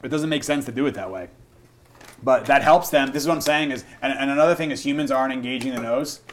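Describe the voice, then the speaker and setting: A young adult man working as a dog trainer, talking casually and swearing freely while demonstrating, and dropping to a soft murmur when calming the dog. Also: medium pitch, fast, slight background noise.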